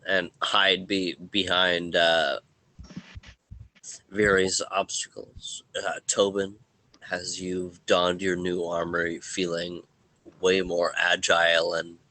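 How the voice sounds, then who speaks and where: Male game master, very low voice, slow and halting, forceful tone, dry close sound. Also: low-quality recording. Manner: halting, pausing narration. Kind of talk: narrating a tabletop game.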